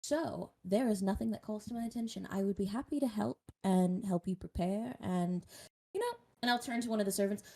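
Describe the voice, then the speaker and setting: A woman's voice: mid-range voice, fairly quick, creaky, dark tone. A woman playing a tabletop role-playing game, chatty and eager, full of likes and fillers. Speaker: player. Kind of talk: casual tabletop role-play.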